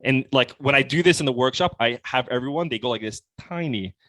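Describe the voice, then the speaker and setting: A young man, a sales coach guest on a podcast, explaining his methods in a casual, animated way with lots of "like.". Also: medium pitch, fast, no room sound. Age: young adult. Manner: casual, animated, heavy use of "like". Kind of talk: conversational podcast interview.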